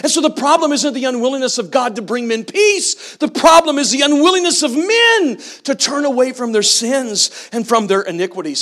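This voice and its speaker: High-voiced man preaching. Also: a little fast, hardly any pauses, fairly bright tone. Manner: preaching with call-and-response questions to the congregation. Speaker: pastor. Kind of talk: sermon.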